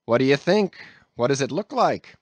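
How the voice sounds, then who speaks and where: A man's voice: mid-range voice, expressive, normal speed, no room sound, natural voice. A man voicing a defiant, scheming male sailor who asks cool, taunting questions. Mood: sly.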